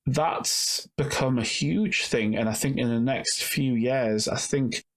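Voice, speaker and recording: A man's voice: medium pitch, slow. Chatty, rambling male podcast co-host. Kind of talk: casual podcast chat.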